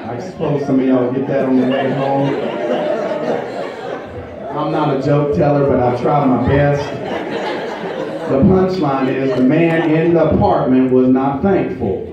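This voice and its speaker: A male pastor preaching a sermon, building from quiet to loud, emphatic delivery with drawn-out phrases. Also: medium pitch, a loud crowd. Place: church sanctuary. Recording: distant echoey church recording, muffled.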